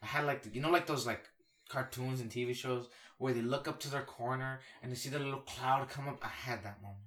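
A man's voice: mid-range voice, steady tone, fairly quick, fairly bright tone. Rambling young man who jokes nonstop. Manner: rambling, jokey, says "you know" constantly. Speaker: podcast co-host. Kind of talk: casual podcast banter.

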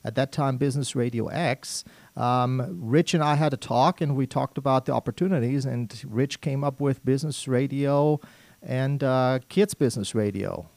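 A friendly male radio host with a German accent welcomes guests in a casual studio chat. His voice is mid-pitched and upbeat. The room sound is dry and close. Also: normal speed, darkish tone, no room sound. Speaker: radio talk show host.

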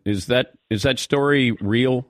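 A man with a mid-range voice hosts a sports radio show and teases his guest with quick questions. The studio sound is dry and close. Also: mid-range voice, no echo. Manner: jokey, quick follow-up questions. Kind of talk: casual interview.

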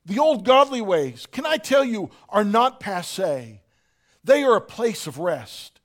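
High-voiced preacher swinging from hush to shout. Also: male voice, very animated, unhurried. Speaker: pastor. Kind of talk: sermon.

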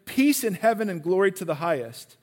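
A man preaching a sermon in a church, animated and questioning his listeners directly. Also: sits high, a little fast, big-room sound.

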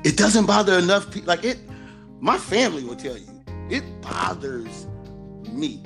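Man, 40s, casual host, animated, laughing, varied pitch. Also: normal speed, vocal fry, music in the background. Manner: animated storyteller, laughs often. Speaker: host and basketball coach. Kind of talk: casual podcast chat.

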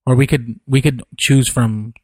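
A man's voice: mid-range voice, fairly even intonation, unhurried, slightly rough, no echo. A man co-hosting a podcast, chatting casually and swearing, often agreeing with his friend. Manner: laid-back, swearing, frequent backchannel agreement. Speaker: podcast co-host. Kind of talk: casual chat.

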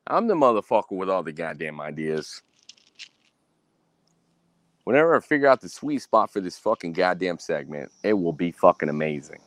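On a profane solo podcast rant, a male host speaks at a moderate pace with big pitch swings, frequent pauses, and a fairly bright tone, recorded without room sound. He's angry and boastful, curses heavily, repeats himself, and mimics other people in a high voice.

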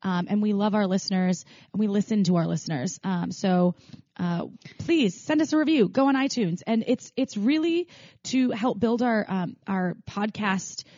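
A woman co-hosting a podcast in casual chat, chatty and quick to laugh, with many fillers. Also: medium pitch, lively intonation, a little mellow, no room sound, muffled recording. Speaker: podcast co-host.

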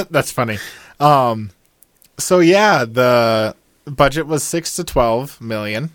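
A man in a mid-range voice hosts a casual movie review podcast, chatting in a relaxed, jokey way full of ums. The sound is dry and close, with almost no room echo. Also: mid-range voice, slow. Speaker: podcast host.

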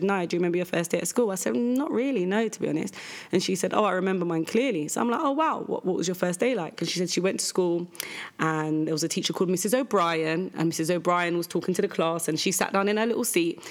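A young adult woman hosting a podcast, telling a candid, animated story about her daughter and jumping up in pitch when she quotes people. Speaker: podcast host. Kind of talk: casual storytelling monologue.

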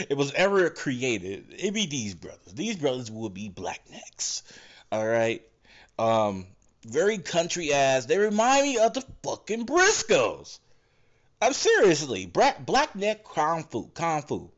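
A man hosting a podcast in a casual, rambling monologue, swearing freely and correcting himself as he goes. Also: mid-range voice. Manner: profane, meandering, lots of fillers and self-corrections. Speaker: podcast host. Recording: dull lo-fi recording.

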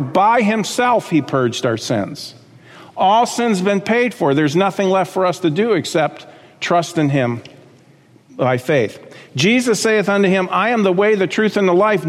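A man's voice: high-pitched, in a large hall. A man preaching a sermon as pastor, talking conversationally with asides and checking in with the congregation.

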